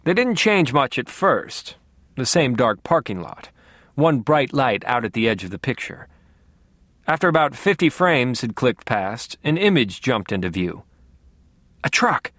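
A man's voice: mid-range voice, big pitch swings, a little slow, a bit bright, no echo. A man narrating a first-person audiobook in a dry, wry manner.

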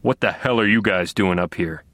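A man voicing a gruff, angry male police captain who barks orders. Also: low voice, moderate pace, fairly bright tone, no echo. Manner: barking, venomous.

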